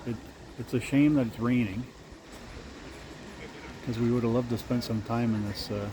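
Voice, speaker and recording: Recording from outside and inside a car, with traffic and street sounds plainly heard, a Canadian man narrates his travel vlog. His pitch is ordinary, his tone steady, and his speed normal as he rambles chattily, full of ums and uhs.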